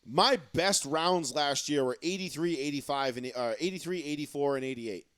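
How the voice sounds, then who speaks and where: A man's voice: a little high, moderate pace, fairly bright tone, clean tone, dry recording. A man co-hosting a casual sports chat, telling stories and acting out his friends' lines. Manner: storytelling, acts out friends' lines. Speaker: podcast co-host.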